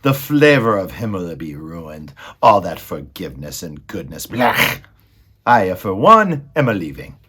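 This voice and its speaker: A man voicing a snobbish, greedy male rat who talks loudly with scorn, in a storybook reading. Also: deep voice, very animated, a little slow, breathy edge, full character voice. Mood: sneering. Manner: loud, scornful, sneering.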